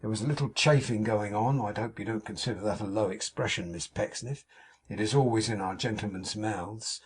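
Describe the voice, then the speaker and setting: Husky-toned man playing a fussing middle-aged landlady, gushing and confiding. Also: fairly low pitch, brisk. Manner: effusive, confiding, melodramatic.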